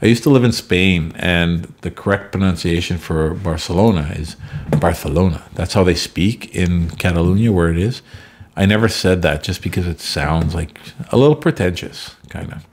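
A man's voice: low-pitched, moderate pace, slight background noise. A man giving casual, chatty commentary over a sports sim game from home, drifting into rambling asides. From Canada. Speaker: gameplay commentator.

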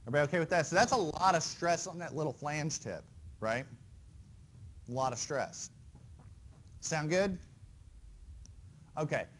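Male university lecturer with a somewhat high voice, relaxed and chatty, keeps checking the class follows along. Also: normal speed, long pauses. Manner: conversational, quizzes students with frequent "right?" and "okay?". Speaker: engineering lecturer. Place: lecture hall.

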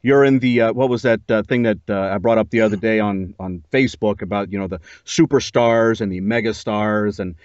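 A man's voice: fairly low pitch, a little fast, few pauses, a little mellow, no room sound. A man hosting a podcast who talks in an easygoing, conversational way and laughs often. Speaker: podcast host interviewing a narrator. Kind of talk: casual chat. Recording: dull lo-fi dry recording.

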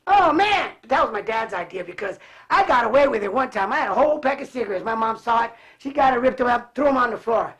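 Animated high-voiced man telling stories. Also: quick pace. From Cleveland, raised in California. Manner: animated, laughs often, acts out voices. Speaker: guest. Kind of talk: casual storytelling.

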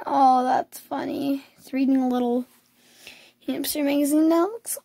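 Hoarse high-voiced young girl, slow and creaky. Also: mellow, dry recording. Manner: chatty, cooing over cute pictures. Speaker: vlogger. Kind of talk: casual screen tour.

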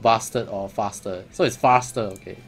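A man's voice: fairly low pitch, steady tone, moderate pace, soft background music. A man giving casual, chatty commentary as a gaming vlogger, laughing often.

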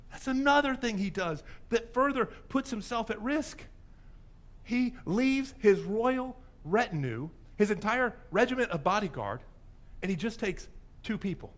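Pastor preaching, high voice, wide swings, playful storyteller. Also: male voice, fairly bright tone. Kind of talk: sermon.

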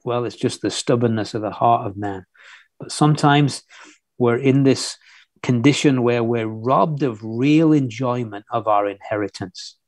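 A man's voice: mid-range voice, a little slow, darkish tone, no room sound. A man preaching a sermon, fervent and earnest, often restarting his phrases.

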